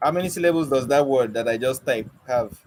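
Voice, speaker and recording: A man's voice: mid-range voice, brisk, poor audio. A young man teaching an online poetry lesson, coaxing and questioning his students with light teasing. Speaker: poetry mentor.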